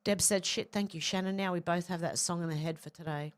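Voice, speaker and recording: A woman's voice: fairly low pitch, brisk. A woman hosting a livestream, reading out viewer comments and chatting back, with a throaty voice from a tickle in her throat. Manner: reads comments out flatly, then adds chatty asides. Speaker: livestream host reading chat. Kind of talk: casual chat, reading viewer comments aloud.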